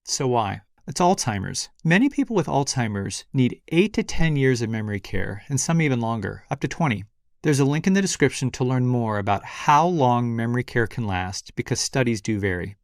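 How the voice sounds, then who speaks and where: A man's voice: mid-range voice, very animated, moderate pace, no echo, studio quality. A man hosting a scripted explainer show, talking in an upbeat, conversational way. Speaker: host.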